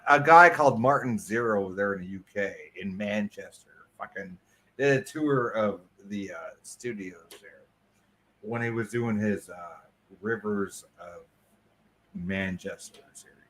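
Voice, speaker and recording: A man's voice: lowish voice, a little slow, sharp tone. An American man in casual chat, brash and argumentative, swearing freely. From United States.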